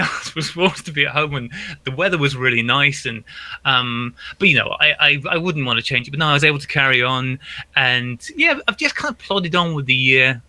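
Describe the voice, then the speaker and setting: A man's voice: a little high, sharp tone. A British man, a middle-aged podcast guest, chatting casually, self-deprecating and laughing often. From Britain. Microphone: home podcast mic, no video.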